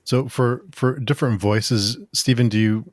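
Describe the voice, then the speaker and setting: A man hosting an interview, asking his guests a question in a measured way. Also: medium pitch, fairly even intonation, no echo, studio quality. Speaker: interview host.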